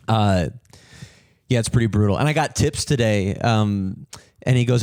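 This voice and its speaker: A young man hosting a podcast, telling a story in an animated, swearing rant and mimicking people in higher voices. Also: moderate pace, dry recording, studio quality. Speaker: podcast host, comedian.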